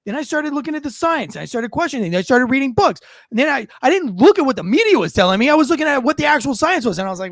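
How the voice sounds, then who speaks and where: A man's voice: very high-pitched, sing-song, fast talker, no echo, clean studio sound. A man hosting a podcast in heated, profane commentary, repeating himself and mocking people. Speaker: podcast host. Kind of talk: ranting commentary.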